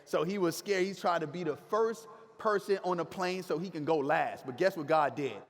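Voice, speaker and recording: A man giving an energetic, preachy motivational speech to a live crowd in a large hall, talking in slang and getting the audience to repeat after him. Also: fairly high pitch, normal speed. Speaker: motivational speaker. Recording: long hall reverb.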